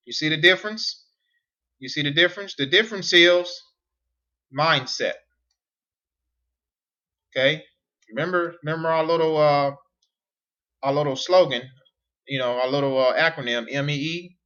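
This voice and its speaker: Male business coach, slightly high voice, drives points home with rhetorical questions. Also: pushed and bright, highs cut off. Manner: repetitive, emphatic, asks rhetorical questions. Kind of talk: whiteboard teaching monologue.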